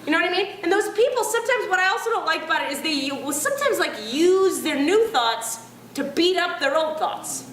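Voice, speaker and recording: A woman doing stand-up comedy in a chatty, animated way, often asking the audience questions. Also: extremely high pitch, brisk, echoey room, slight background noise.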